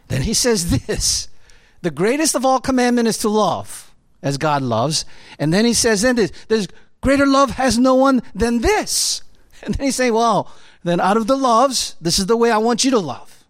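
A man's voice: sits high, no echo. A man preaching a sermon in a conversational way, often checking in with his listeners by asking "right?". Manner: animated, conversational preaching with constant "right?" tag questions. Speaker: pastor.

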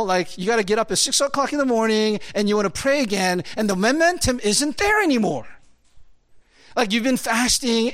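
A man preaching a sermon in a conversational, animated way, full of fillers and acted-out asides. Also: sits high.

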